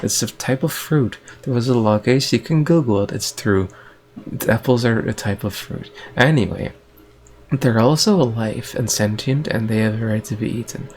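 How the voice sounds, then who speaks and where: A man's voice: mid-range voice, moderate pace, darkish tone, slight background noise. Rambling, hesitant man improvising a story. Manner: rambling, hesitant, many restarts and fillers.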